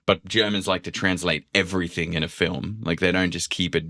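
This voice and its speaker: A young man co-hosting a podcast, chatting casually in an animated, jokey way and swearing freely. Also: sits low, a little fast. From Australia. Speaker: podcast co-host. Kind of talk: casual chat.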